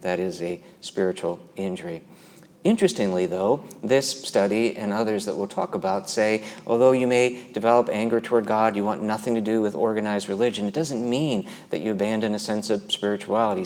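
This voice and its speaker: Man, lowish voice, earnest speaker, conference talk, echo of a big hall. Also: a little fast, few pauses, darkish tone. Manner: earnest, quotes people he interviewed. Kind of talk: conference talk with retold stories. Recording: long hall reverb.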